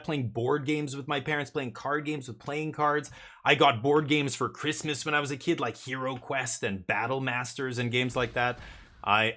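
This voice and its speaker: A man streaming a card game live, chatting excitedly and joking with his chat as he plays. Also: medium pitch.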